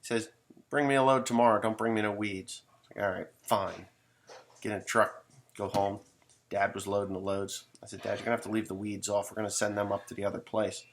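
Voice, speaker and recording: Gravelly folksy farmer man, rambling. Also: fairly low pitch, fairly even intonation, a little fast, slight background noise. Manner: rambling, folksy, swears casually. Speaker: farmer telling stories. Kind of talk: casual storytelling monologue.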